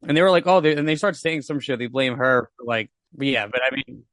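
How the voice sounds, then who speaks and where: A man chatting about a film on a podcast, animated, laughing often and pointing out shots and effects. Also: medium pitch, a little fast, no echo, studio quality. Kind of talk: casual film discussion.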